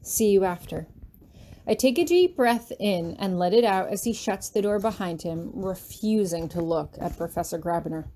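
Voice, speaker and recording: Woman narrator for a read-aloud story, first person, warm mellow voice, steady and even. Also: medium pitch, normal speed, few pauses. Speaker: fanfiction reader.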